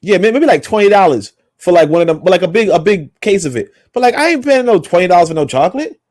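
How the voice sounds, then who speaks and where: A man's voice: sits high, expressive, quick pace, darkish tone, no echo, clean studio sound. A man co-hosting a podcast, talking in a rambling, emphatic, profane way. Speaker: podcast co-host. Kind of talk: casual opinionated chat.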